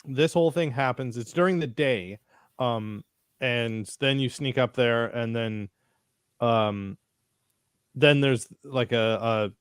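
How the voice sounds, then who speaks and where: A man of middle pitch co-hosts a laid-back podcast discussion, rambling between thoughts and swearing as he goes. The recording is close and dry, with no room sound at all. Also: slow pace, clear, resonant tone, no echo. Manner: rambling, profane, trails off into fillers. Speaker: podcast co-host. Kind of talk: casual chat.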